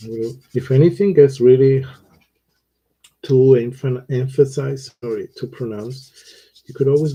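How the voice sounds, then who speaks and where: A man teaching watercolor, talking through his painting in a relaxed, unhurried way with pauses and fillers. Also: medium pitch, poor audio. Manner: slow, thinking aloud while he paints, with pauses and fillers.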